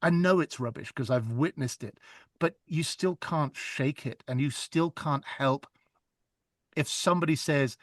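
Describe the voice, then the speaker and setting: A man's voice: fairly high pitch, measured pace, no echo, studio quality. A man, an audiobook narrator talking in an interview, earnest and reflective, thinking aloud with small restarts. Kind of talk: casual interview chat.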